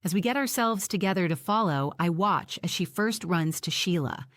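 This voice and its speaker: A woman narrating an audiobook in the first person, reading in an even, measured way. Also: lowish voice, no echo.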